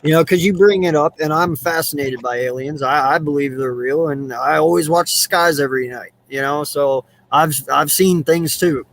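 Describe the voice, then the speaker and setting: A man's voice: fairly high pitch, moderate pace, few pauses, fairly bright tone, rough recording. A man hosting a casual podcast chat, curiously putting questions to the group. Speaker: podcast host.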